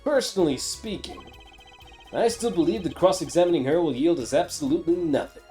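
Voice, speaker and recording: A man's voice: on the high side, fairly quick, mellow, soft background music, natural voice. A man voicing a smug, teasing young male prosecutor.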